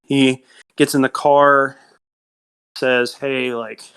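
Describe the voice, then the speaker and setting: A man's voice: medium pitch, little pitch movement, slow pace, fairly bright tone, clean tone. A man co-hosting a podcast, casually retelling a film plot with lots of fillers and quoted dialogue. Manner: rambling retelling with many fillers and quoted lines. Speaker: podcast co-host.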